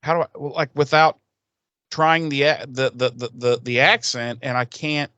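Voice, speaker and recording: A male podcast co-host chats in a loose, joking way, rambling and stumbling over fillers. His mid-pitched voice sounds very dry and close, with no room in it. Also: steady tone, normal speed, pushed and bright, smooth, dry recording, dull audio. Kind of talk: casual podcast chat.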